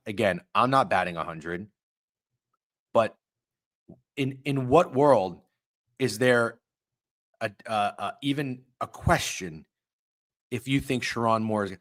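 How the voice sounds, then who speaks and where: A man hosting a live sports stream, ranting with heavy profanity and sudden heated outbursts while reading chat. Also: a bit bright. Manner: profane, heated ranting with big pitch swings. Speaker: sports betting stream host.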